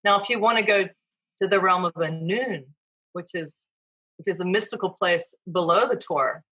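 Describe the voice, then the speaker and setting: A woman, a podcast guest and mythology author, talking in a gentle, storytelling way and acting out imagined inner voices. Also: lowish voice, normal speed, husky, low-quality recording. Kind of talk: storytelling interview talk.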